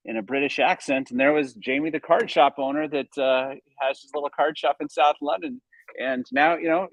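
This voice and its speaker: A middle-aged man from the United States, a sports card collector, telling stories in an energetic, enthusiastic way. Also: mid-range voice, no echo, lo-fi sound. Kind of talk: casual storytelling.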